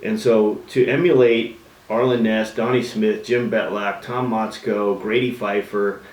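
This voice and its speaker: A man telling a lively story about his early days building custom bikes, acting out voices and engine noises in casual chat. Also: on the low side, unhurried, reverberant, distant mic, poor audio.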